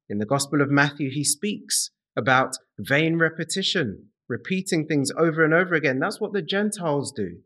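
A man preaching a sermon to a congregation in a slow, deliberate way, repeating key phrases and speaking to his listeners directly. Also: a little high, a bit bright.

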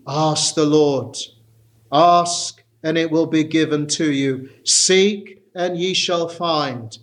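Slow, earnest male preacher. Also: lively intonation. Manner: earnest, slow and emphatic, rising in pitch for pleading passages. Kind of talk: sermon.

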